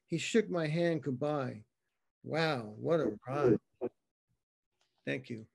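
A man reading his own narrative poem, slow and dramatic, over a video call. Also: mid-range voice, gravelly, slightly rough. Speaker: poet reading his work. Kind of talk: poetry reading.

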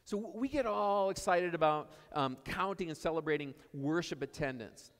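A man's voice: a little high, moderate pace. A man preaching a sermon in a church, telling stories in a conversational way and repeating his key phrases. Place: church sanctuary. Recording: long church reverb.

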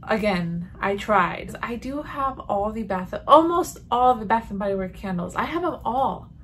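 A woman's voice: mid-range voice, moderate pace, a little hiss or hum. A woman chatting casually in a home vlog, reviewing candles and reacting as she smells each one. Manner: chatty, animated, sniffing and reacting. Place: home room.

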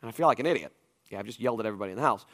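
A man in his forties preaching a conference sermon, telling stories in an animated, emphatic way with frequent asides to the audience. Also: lowish voice, very fast. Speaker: pastor. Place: church auditorium.

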